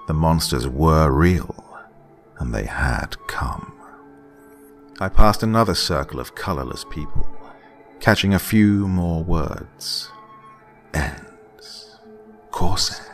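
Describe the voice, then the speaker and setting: A man narrating a scripted horror story in a dramatic way, dropping at times into hushed whispers. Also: extremely low pitch, animated, slow, pauses often, soft background music.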